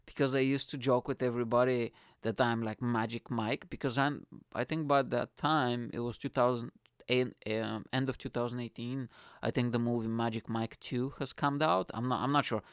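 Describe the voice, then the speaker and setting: A man's voice: mid-range voice, fairly even intonation, normal speed, smooth, no room sound, clean studio sound. A man who does stand-up comedy, telling a rambling, self-mocking story in casual talk, swearing freely and laughing at himself. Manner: laughs at his own story.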